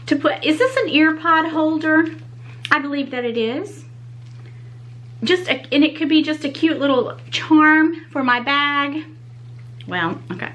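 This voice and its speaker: A woman's voice: sits high, unhurried, fairly bright tone, low-quality recording. A woman hosting a casual unboxing vlog, gushing and exclaiming in delight as she talks straight to her viewers. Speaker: YouTube channel host.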